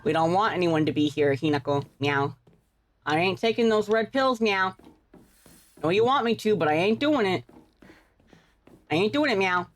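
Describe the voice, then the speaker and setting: A woman's voice: medium pitch, expressive, moderate pace, pauses often. A woman streamer giving playful, profane live gameplay commentary, tacking "meow" onto her sentences. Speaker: game streamer.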